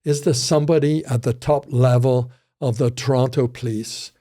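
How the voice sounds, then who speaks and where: A man's voice: mid-range voice, fairly even intonation, normal speed, mellow. An older man, a criminology professor, telling rambling stories with frequent restarts in a casual interview.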